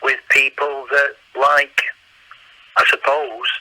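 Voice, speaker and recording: English impressionist guy telling stories, really bright husky voice, jumps into accents. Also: medium pitch, slow pace, dry recording, rough recording. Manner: animated anecdotes, slips into accents. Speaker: guest impressionist. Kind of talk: casual storytelling chat.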